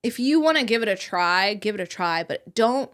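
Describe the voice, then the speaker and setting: A young woman co-hosting a podcast, telling a story in a blunt, animated way, swearing freely. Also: medium pitch, normal speed. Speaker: podcast co-host. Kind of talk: casual chat.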